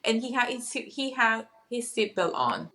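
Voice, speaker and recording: A woman's voice: fairly high pitch, sing-song, measured pace, bright, forceful tone. A middle-aged woman, a hypnotherapist, telling a personal story in a casual interview, acting out the voices of people she quotes. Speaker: hypnotherapist guest.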